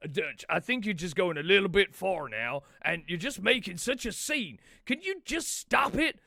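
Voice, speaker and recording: Arthur, a man doing a weary gruff gunman. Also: high-pitched, sing-song, moderate pace, bright, forceful tone, no room sound, clean studio sound, heavily acted. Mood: exasperated. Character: weary, exasperated male outlaw gunman. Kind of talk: comedic improvised impression.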